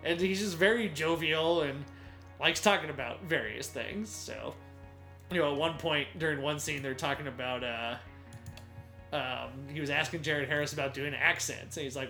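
Bright-voiced man co-hosting a podcast. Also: a little high. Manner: relaxed, rambling anecdotes with fillers. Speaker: podcast co-host. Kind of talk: casual chat.

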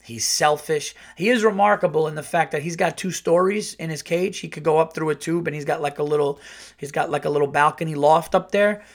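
A man hosting his podcast, telling a comic story in an animated, profane, rambling way full of restarts. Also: fairly high pitch, fairly quick. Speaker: podcast host, comedian.

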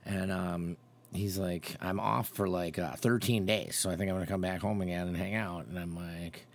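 Low-voiced man telling a rambling story. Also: fairly even intonation, normal speed. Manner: rambling storyteller, acts out quotes with pitch jumps. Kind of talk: casual chat.

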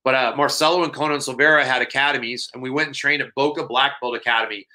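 Guest storyteller, male, loose and rambling, bright timbre. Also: medium pitch, steady tone, fast. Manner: rambling, many fillers, acts out dialogue. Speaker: podcast guest. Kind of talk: casual storytelling.

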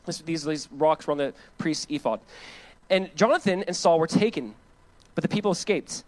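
A young adult man preaches a sermon in a fairly high voice. He moves between reading scripture and casual, lively retelling. He laughs now and then between his points. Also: moderate pace. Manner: animated, reads scripture aloud and paraphrases it casually. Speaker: pastor.

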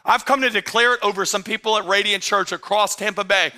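A man preaching a sermon as pastor, talking straight to his church in a conversational way and often rising to emphatic, shouted excitement. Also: high-pitched, fast. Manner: conversational, addresses the congregation directly.

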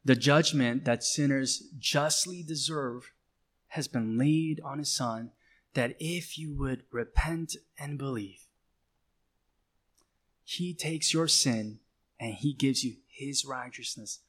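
A man's voice: mid-range voice, a bit bright. A man preaching a sermon as pastor, emphatic and repetitive, driving points home with short repeated calls. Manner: emphatic, repeats phrases, slow deliberate delivery.

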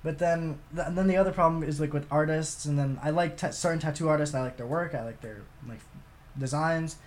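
A young man co-hosting a casual podcast, joking and swearing in quick banter. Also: a little high. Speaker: podcast co-host. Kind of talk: casual chat.

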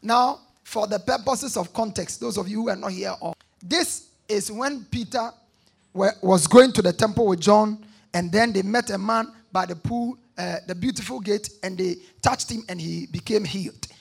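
A man preaching a sermon, reading scripture aloud and calling on the congregation to answer back, rising to shouts at the peaks. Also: sits high, normal speed, vocal fry, husky. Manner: call-and-response, shouting at peaks.

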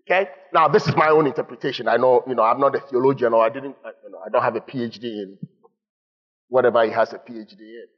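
A man preaching a sermon in an animated way, rising to shouts at times. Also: mid-range voice, quick pace. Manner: animated, rising to shouts when voicing God. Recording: muffled sound in a reverberant hall.

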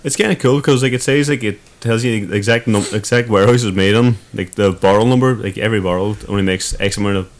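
A man's voice: on the low side, fast, few pauses. A man co-hosting a podcast, rambling in casual chat with plenty of swearing and filler words. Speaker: podcast co-host.

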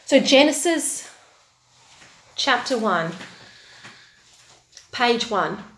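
A woman preacher reading scripture aloud and giving a sermon, talking slowly with rhetorical tag questions. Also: on the high side, lively intonation, roomy sound, slight background noise, poor audio. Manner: slow, warm conversational preaching with tag questions.

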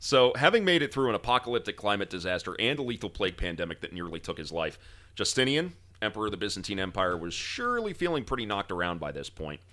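A man hosting a podcast, trading laughing banter with his co-hosts and then narrating history in a steady storytelling voice. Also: lowish voice, fast talker. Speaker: podcast host. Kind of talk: casual chat and history narration.

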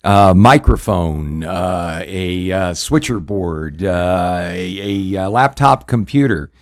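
A man's voice: sits low, expressive, takes it slowly. A man hosting a radio talk show, telling a story casually with many fillers and restarts.

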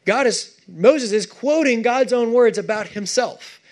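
Casting note: male pastor, lively, chatty sermon delivery, higher voice. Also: a little slow. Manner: animated, conversational preaching with asides to the congregation.

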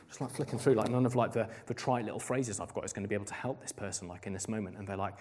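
A man's voice: on the low side, fairly even intonation, very fast, hardly any pauses, a little mellow. A young man giving a sermon in a chatty, casual way, full of "like" fillers. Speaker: preacher. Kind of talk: conversational sermon.

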